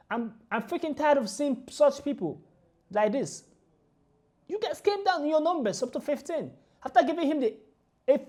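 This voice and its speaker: A woman ranting through a reaction video, emphatic and indignant, repeating her points forcefully. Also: sits high.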